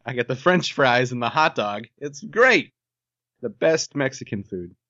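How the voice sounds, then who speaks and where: A man's voice: medium pitch, animated, a little slow, bright, forceful tone, dry recording. Joking podcast man with a dull sound. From Ohio, US. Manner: rambling, jokey, swears casually. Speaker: podcast co-host. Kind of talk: casual chat.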